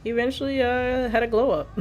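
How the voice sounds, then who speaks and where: A woman's voice: fairly low pitch, expressive, moderate pace, highs cut off, soft background music. A woman streamer rambling casually while playing a video game, laughing often as she talks. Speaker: let's play streamer. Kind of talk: casual gameplay commentary.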